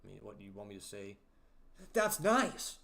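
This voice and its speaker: Low-voiced man, slow laid-back drawl. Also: monotone, gravelly. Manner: slow, low-key talk with many fillers, sounds sarcastic. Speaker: livestream host. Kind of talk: casual livestream chat.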